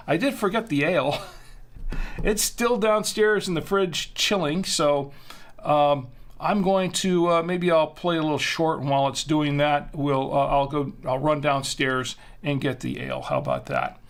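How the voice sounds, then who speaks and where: A man's voice: fairly high pitch, lively intonation, a little slow. A man hosting a live drinks show, chatting casually and rambling with many fillers and restarts. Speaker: host. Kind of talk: casual livestream chat.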